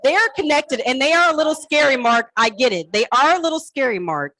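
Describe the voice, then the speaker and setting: Lively coaxing woman auctioneer. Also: high-pitched, brisk, no echo, poor audio. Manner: coaxing, playful, teasing bidders by name. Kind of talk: live charity auction calling. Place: event hall stage.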